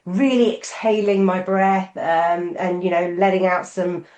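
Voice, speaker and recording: A woman's voice: on the low side, steady tone, unhurried, a little mellow. A middle-aged woman co-hosting a podcast, talking openly and thoughtfully with many fillers. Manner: open, thoughtful, frequent fillers. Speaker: podcast co-host. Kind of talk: casual conversational chat. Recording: roomy echo.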